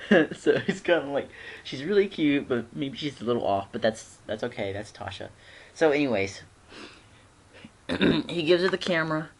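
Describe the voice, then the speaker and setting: A man giving a casual, rambling episode recap, chatty and laughing often. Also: a little high. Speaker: TV episode reviewer.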